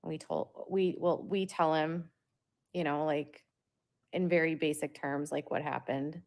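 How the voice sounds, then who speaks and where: Low, gravelly-voiced woman vlogging. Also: steady tone, measured pace, darkish tone. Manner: rambling, talks through filler words. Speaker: parent vlogger. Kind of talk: casual monologue to viewers.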